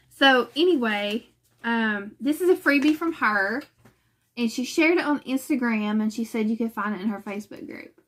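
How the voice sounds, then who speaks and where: A woman's voice: on the high side, lively intonation, normal speed, a bit bright. A woman from West Virginia hosting a cross-stitch channel in casual chat from home, talking in a chatty, self-conscious way with fillers and laughs.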